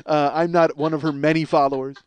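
A man's voice: on the high side, level tone, a little fast, clean tone, no echo. A man hosting his own podcast, delivering a profane, rambling comedic monologue that mocks himself as much as anyone. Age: middle-aged. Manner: profane, ranting, self-mocking. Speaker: podcast host.

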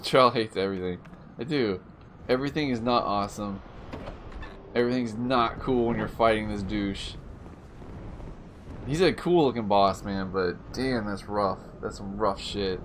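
A man streaming a game live, commenting casually and breaking into yells, groans and jokes as he plays. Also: fairly low pitch, measured pace, pauses often, a little hiss or hum.

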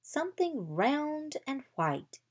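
A woman reading aloud as a calm, cautious old bearded wizard who teaches young dragon trainers. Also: high voice, takes it slowly, pitched above the performer's own voice, heavily acted.

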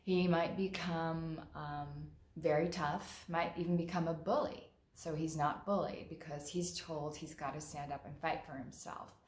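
A female therapist talks in a relaxed, candid monologue and slips into lively acted-out quotes. Her voice sits low, and the room around her rings with noticeable echo. She sounds conversational and direct. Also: unhurried, few pauses. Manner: frank and conversational, acts out quotes vividly. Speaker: mental health therapist. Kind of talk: casual monologue talk. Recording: roomy echo.

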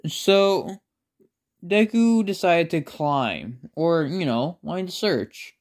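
A man's voice: on the high side, lively intonation, slow. A man casually telling a made-up fan story, rambling with lots of filler words and self-conscious asides.

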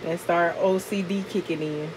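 A woman's voice: on the low side, steady tone, normal speed, background noise. A woman vlogger chatting casually with lots of fillers, narrating a gift unboxing. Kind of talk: casual vlog and voiceover narration.

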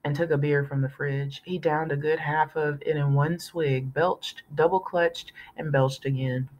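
A woman reading a novel aloud in a steady storytelling manner, now and then correcting herself. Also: deep voice, rough recording. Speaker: audiobook reader.

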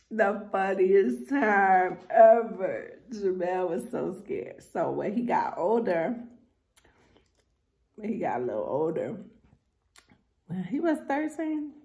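A woman with a New York accent, telling animated family stories in a casual storytime vlog. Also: fairly high pitch, slow, vocal fry, long pauses. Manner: animated storyteller acting out voices.

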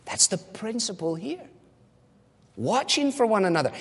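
A man delivers a sermon as a pastor, earnest and direct, posing questions and answering them himself. His voice sits high for a man. The sound hangs in a long, reverberant hall. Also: very animated, moderate pace, long pauses, breathy edge. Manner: earnest preaching with rhetorical questions.

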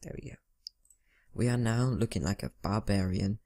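Low, gravelly teen boy rambling over gameplay. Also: normal speed, warm tone. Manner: rambling, self-talking, mumbles asides. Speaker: gaming channel host. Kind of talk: casual let's-play commentary.

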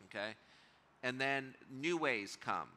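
A man, a pastor leading a Bible study, teaching in a conversational way, asking the room questions and slowing down to stress key words. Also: mid-range voice, animated, bright, forceful tone. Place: church room with a seated group.

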